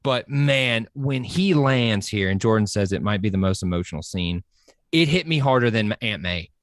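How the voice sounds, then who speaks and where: Excitable man, slightly low voice. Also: no echo, studio quality. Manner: excited, fast-running enthusiasm with many fillers. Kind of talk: casual podcast chat.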